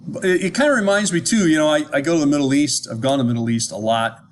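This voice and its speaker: A man's voice: fairly high pitch, quick pace, a little hiss or hum. An American man giving an informal lecture, talking conversationally and often checking whether his listeners follow, with frequent restarts. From United States.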